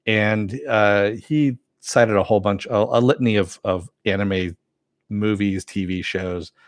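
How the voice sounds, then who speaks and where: A man giving a casual spoken review of an animated series, rambling with many fillers and self-corrections, and answering chat as he goes. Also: on the low side, measured pace, no echo. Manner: reads and answers live chat.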